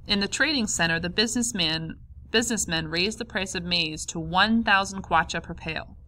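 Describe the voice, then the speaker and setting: A woman narrating a memoir audiobook in a calm, measured way. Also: lowish voice. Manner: calm, measured, first-person memoir reading. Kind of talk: audiobook reading.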